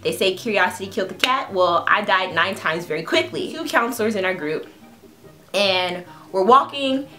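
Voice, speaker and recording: A woman in her twenties, a food vlogger, telling a funny story in a casual, animated way, often breaking into laughs. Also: medium pitch, normal speed. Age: 20s.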